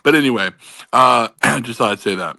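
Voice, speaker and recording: A man's voice: medium pitch, normal speed, bright, forceful tone, dry recording. A man chatting casually on an online panel over a video call, rambling and swearing with lots of restarts. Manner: rambling, profane, many restarts. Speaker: panel guest.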